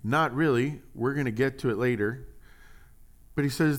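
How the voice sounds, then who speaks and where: Male pastor, chatty sermon delivery, playful jokes, sudden loud stresses, mid-range voice. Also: mid-range voice, moderate pace, pauses often. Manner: animated, joking, swings from hushed to loud emphasis. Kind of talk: conversational sermon.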